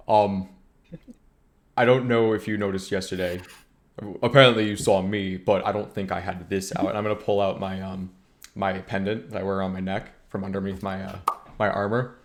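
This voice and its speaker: A man's voice: sits low, fairly even intonation, moderate pace, long pauses. A man playing in a tabletop game, speaking in character in an earnest, hesitant way. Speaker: player. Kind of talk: in-character roleplay chat.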